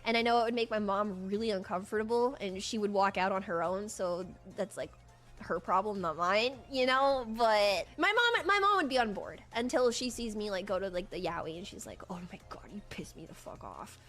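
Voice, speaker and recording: A young woman chatting casually, rambling with lots of "like" and restarts in a deadpan way. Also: mid-range voice, moderate pace, soft background music. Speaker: streamer guest. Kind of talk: casual chat.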